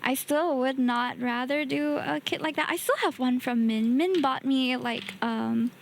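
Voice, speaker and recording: High-voiced chatty woman streamer. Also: unhurried, vocal fry, a little hiss or hum. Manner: chatty and easygoing, often laughing softly. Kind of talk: casual chat while building a kit.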